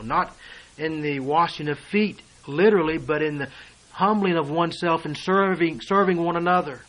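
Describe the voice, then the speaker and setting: A man preaching a sermon, reading and explaining scripture verse by verse and swinging between hushed asides and loud declarations. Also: a little high, normal speed, poor audio.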